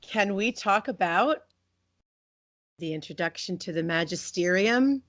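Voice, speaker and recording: A woman's voice: mid-range voice, animated, unhurried, a bit bright. A woman co-hosting a fan podcast, chatting enthusiastically about a TV episode and laughing often. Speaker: podcast co-host. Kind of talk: casual fan discussion.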